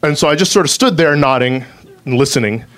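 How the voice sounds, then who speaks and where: A man telling a personal story in a halting way, full of fillers and self-amused asides. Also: on the high side, lively intonation, fairly bright tone.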